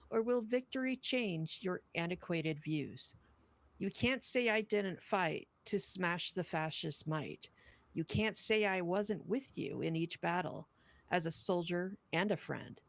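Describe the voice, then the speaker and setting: A woman's voice: fairly low pitch, no echo. A woman co-hosting a podcast, reading a poem aloud and then chatting bluntly and earnestly. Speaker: podcast co-host.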